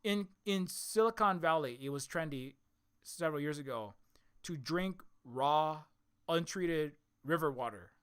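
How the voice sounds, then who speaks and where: A man rants through an opinion commentary in a bright, fairly high voice. He speaks in animated bursts, stumbles over repeated words and restarts, and his tone is scornful and mocking. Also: measured pace, smooth. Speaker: commentary video host.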